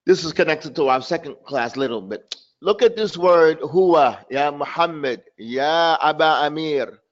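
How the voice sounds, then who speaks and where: A man's voice: on the high side, unhurried. Emphatic male language teacher, lo-fi audio. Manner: emphatic, repeats words to drill pronunciation. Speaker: Arabic teacher. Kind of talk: online language class.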